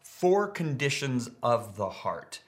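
A middle-aged pastor preaching a sermon, emphatic and repeating key words for stress. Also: male voice, medium pitch, sing-song, slow pace.

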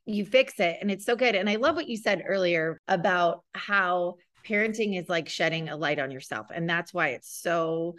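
A woman hosting a parenting podcast, chatty and quick to laugh while she interviews a guest. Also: fairly low pitch, fairly bright tone. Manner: chatty and giggly, laughs often. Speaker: podcast host. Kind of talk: casual interview talk.

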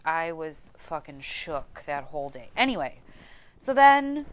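A woman's voice: fairly low pitch, clean tone, dry recording. A young woman hosting a podcast, candidly telling a personal story, swearing freely and getting close to tears. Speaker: podcast host.

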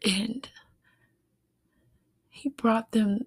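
A young woman speaks slowly and gently, letting her thoughts unfold with unhurried pauses. Her tone is heartfelt and reflective, broken by soft laughs. The sound is dry and close, with no room behind it. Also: a little high, slightly rough, dry recording. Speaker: podcast host. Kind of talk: reflective solo podcast talk.

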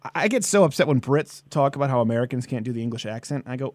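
A man's voice: medium pitch, rapid-fire, few pauses, dry recording. A man hosting a political comedy live-stream, ranting emphatically and joking. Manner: animated, emphatic ranting with jokes. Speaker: host.

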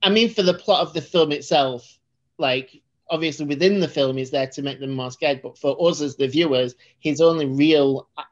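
A woman in casual chat reviewing a film as podcast co-host, animated and rambling, with frequent restarts. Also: low voice, normal speed. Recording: slightly dull lo-fi audio.

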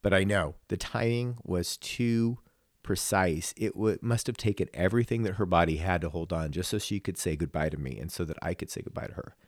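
A man co-hosting a casual talk show, telling a personal story in a reflective, emotional way with frequent halting restarts. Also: low-pitched, no echo, studio quality. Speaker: podcast co-host.

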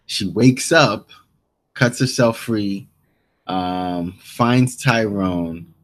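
A man's voice: on the low side, very slow. A man co-hosting a podcast, casually recapping a TV episode and talking through the scenes with many restarts. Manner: rambling recap with quoted lines and many restarts. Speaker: podcast co-host.

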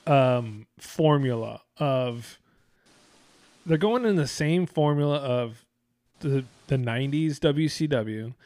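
A man's voice: mid-range voice, lively intonation, slow pace, a little mellow, no echo. A man co-hosting a casual chat, rambling and profane, often restarting his sentences.

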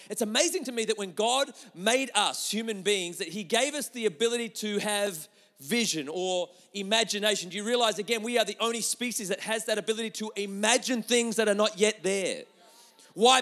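A middle-aged man preaching a sermon as a pastor. He tells a story in a chatty, animated way, with many restarts, and puts questions to the audience. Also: sits high, long reverb tail.

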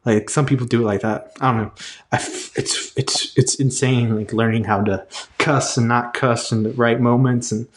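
A man in a relaxed podcast conversation, with a voice of ordinary middle pitch. He rambles, circling back with "like" and "you know" as he gropes for words. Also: moderate pace, a little hiss or hum. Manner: rambling, many fillers and restarts. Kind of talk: casual chat.

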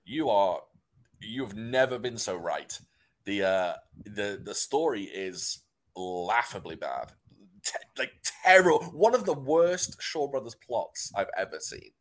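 A man's voice: fairly low pitch, lively intonation, slow, fairly bright tone. A British man chatting casually as a podcast co-host, rambling with restarts and easy laughs. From Britain. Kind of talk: casual chat.

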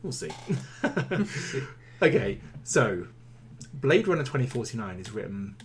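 A man's voice: mid-range voice, big pitch swings, measured pace, a little hiss or hum. A man co-hosting a film review podcast, chatting casually with a wry, teasing manner.

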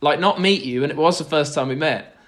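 A man's voice: fairly high pitch, brisk, fairly bright tone. A young man, a podcast guest, telling stories in a rambling, self-deprecating way with lots of restarts. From Britain. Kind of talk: casual chat.

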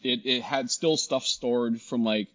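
A middle-aged man, a guest in a casual interview, telling his story with animated dialogue and frequent restarts. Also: medium pitch, a little slow. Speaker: guest, shop founder.

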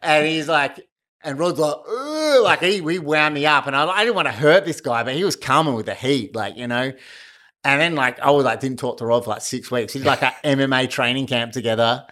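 A man's voice: mid-range voice, brisk, sharp tone. A man telling a fight story in a casual chat, swearing and laughing often. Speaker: guest, martial arts fighter.

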